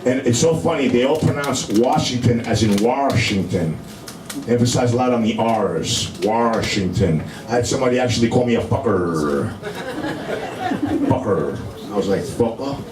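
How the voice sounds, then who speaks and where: Animated and moderately paced, a medium-pitched middle-aged man with a New York accent delivers a rambling stand-up set to a club audience, sprinkling in "you know" everywhere. He is from Brooklyn, and the distant mic captures an echoey club with noisy ambience.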